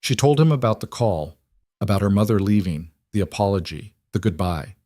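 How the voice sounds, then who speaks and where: Male narrator, low voice, measured read, dry booth sound. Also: animated, dark tone, dry recording. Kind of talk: scripted narration.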